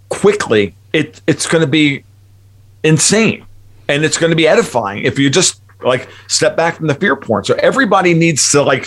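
A man's voice: fairly high pitch, a bit bright. A man talking as a guest commentator in a casual chat, rambling and emphatic, often restarting his sentences.

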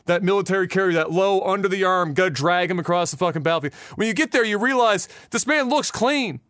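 A man hosting a casual gaming podcast, telling a profane, animated story. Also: high-pitched, fast talker, no echo, studio quality. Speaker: podcast host.

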